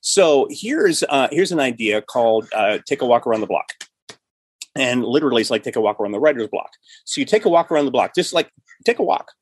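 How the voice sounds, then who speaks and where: A middle-aged man hosting a podcast, talking in a lively, loose way that keeps doubling back on itself. His voice is husky and a little breathy. The sound is dry and close, with no room echo. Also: mid-range voice, brisk. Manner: animated, restarts and repeats often. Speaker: podcast host and writer. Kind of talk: casual chat.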